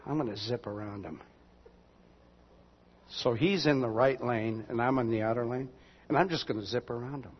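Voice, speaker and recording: A man's voice: medium pitch, moderate pace, pauses often, husky. Folksy pastor, man, in an echoing hall. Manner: folksy and conversational, with asides to the congregation. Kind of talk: storytelling sermon. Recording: dull lo-fi sound with long hall reverb.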